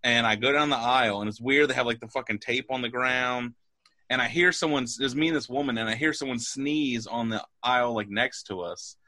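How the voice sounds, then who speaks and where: A man's voice: mid-range voice, a little fast, sharp tone, no echo. A man co-hosting a casual podcast, laid-back and agreeable, often chuckling as he tells a story.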